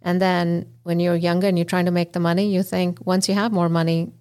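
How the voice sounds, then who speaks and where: A woman's voice: lowish voice, little pitch movement, a little fast, warm tone, clear, resonant tone. A woman hosting a podcast, speaking in a reflective, conversational way. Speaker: podcast host.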